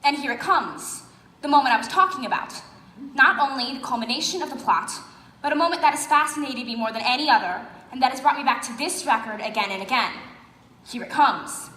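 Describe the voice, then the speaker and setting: A woman's voice: sits high, brisk, sharp tone. A woman playing a wistful record-loving narrator, confiding and musing to the audience in a stage play. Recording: echoey hall, live stage.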